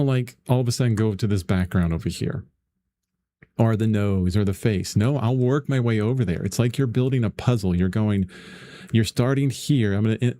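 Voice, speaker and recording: A middle-aged man talks viewers through a painting demo in an easygoing, rambling way, laughing often between his thoughts. His voice sits low and sounds mellow and warm. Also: slight background noise. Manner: rambling and chatty, laughs often, lots of fillers. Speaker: painting instructor. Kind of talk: casual livestream painting lesson, chatting with viewers.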